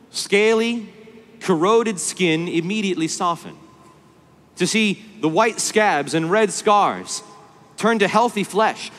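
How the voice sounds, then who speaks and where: A man preaching a sermon at a conference, swinging between hushed tenderness and loud, stirring emphasis. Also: sits high. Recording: long hall reverb.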